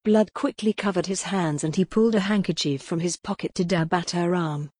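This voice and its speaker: Woman reading a gothic novel aloud, lowish husky voice, dry close sound. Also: a little fast, darkish tone, no room sound. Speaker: audiobook narrator. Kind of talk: scripted narration of a gothic novel.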